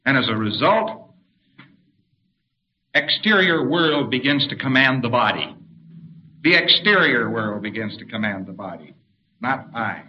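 A man delivering a lecture at an even, mid-pitched register. He explains step by step and now and then acts out short commands. The recording is muffled and lo-fi. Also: unhurried, long pauses, slight background noise. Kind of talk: spoken lecture with diagrams.

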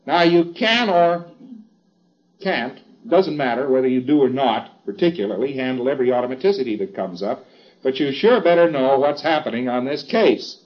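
A man's voice: medium pitch, animated, moderate pace, muffled recording. A man giving an informal lecture in a wry, chatty way, with emphatic asides.

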